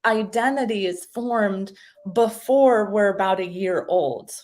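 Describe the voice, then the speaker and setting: A woman talking as a guest, explaining ideas in a casual, animated way and acting out little voices as she goes. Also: medium pitch, unhurried. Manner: animated, acts out little voices in her stories. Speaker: guest speaker explaining identity.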